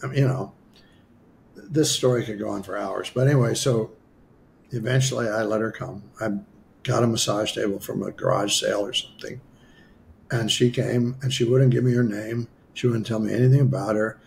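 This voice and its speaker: Gravelly man telling a story. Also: fairly low pitch, moderate pace, a little hiss or hum. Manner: animated, acts out quoted dialogue, self-mocking humor. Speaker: guest healer. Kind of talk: storytelling in a podcast interview.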